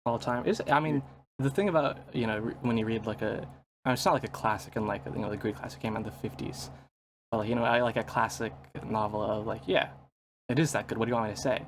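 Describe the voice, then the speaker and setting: A man's voice: lowish voice, steady tone, noisy background. A man co-hosting a casual podcast, teasing dryly and laughing easily. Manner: wry, teasing, quick to laugh. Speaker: podcast co-host. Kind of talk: casual chat.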